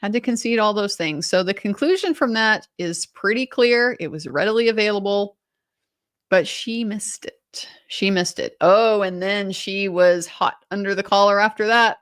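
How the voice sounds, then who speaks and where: A middle-aged woman gives live legal commentary with a sardonic, pointed edge. Her pitch sits in a middle range, and the recording is close and dry, with no room sound. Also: normal speed, a bit bright, smooth, no room sound. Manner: sardonic, pointed, mimics witnesses. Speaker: attorney commentator.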